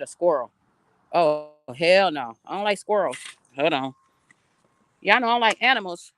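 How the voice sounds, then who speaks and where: A woman's voice: medium pitch, a bit bright, dry recording. A middle-aged woman telling stories on a phone livestream outdoors, emphatic, blunt and profane. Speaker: livestream host. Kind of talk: casual livestream storytelling. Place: outdoors near trees.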